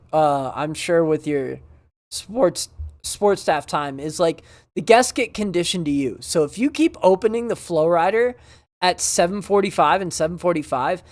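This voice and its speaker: A man co-hosting a casual podcast, laid-back and asking drawn-out questions. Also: sits high, darkish tone, no room sound. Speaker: podcast co-host.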